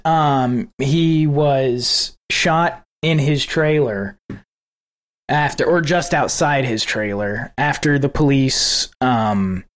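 A man with a slightly high voice co-hosts a casual podcast. He retells events in an animated way and swears freely. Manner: profane, animated retelling of a news video. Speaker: podcast co-host. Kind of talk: casual political podcast chat.

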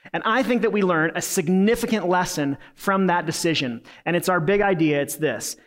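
Addressing the congregation on Sunday, a male pastor speaks earnestly in a relaxed, conversational style. His voice runs slightly high for a man, and he drops in casual fillers and restarts along the way.

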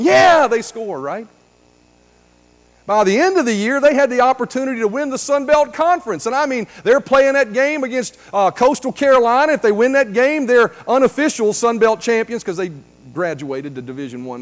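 High-voiced preaching man in reverberant hall. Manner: preaching with dramatic swings from hushed to shouting. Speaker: pastor. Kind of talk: sermon.

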